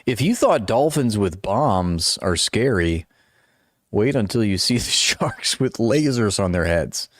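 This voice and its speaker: A man's voice: on the low side, lively intonation, measured pace, dry recording, studio quality. A man running a live-stream commentary, reading articles aloud and breaking off into sarcastic, mocking asides.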